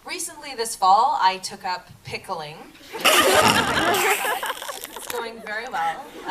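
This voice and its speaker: A young woman, an actor on a festival panel, answering audience questions in a giggly, self-deprecating way. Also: mid-range voice. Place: large hall at a festival. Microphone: handheld camera in the audience. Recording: distant mic, loud crowd and camcorder noise.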